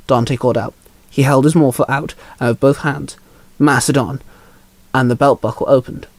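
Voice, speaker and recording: A man's voice: medium pitch, fairly even intonation, moderate pace, dry recording. A man narrating his own fanfiction in plain storytelling, with small slips. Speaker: narrator and author. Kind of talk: fanfiction read aloud.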